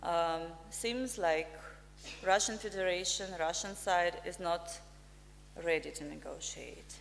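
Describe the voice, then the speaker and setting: A woman from Ukraine, an ambassador giving a formal prepared speech in slow, deliberate, emphatic phrases. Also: lowish voice, vocal fry, a little hiss or hum. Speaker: ambassador, guest speaker. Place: press club function room. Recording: reverberant hall.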